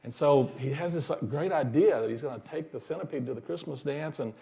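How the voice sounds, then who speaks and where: A man's voice: on the high side, fairly quick, vocal fry, warm tone. A male minister giving a sermon in a folksy storytelling manner, chuckling at his own jokes.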